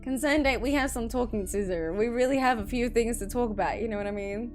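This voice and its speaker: A woman's voice: on the high side, a little fast, soft background music. A woman streamer giving rambling, exasperated, jokey gameplay commentary.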